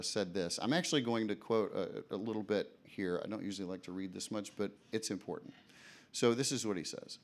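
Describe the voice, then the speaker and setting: A male preacher giving a sermon in a conversational way, often asking the audience questions. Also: lowish voice.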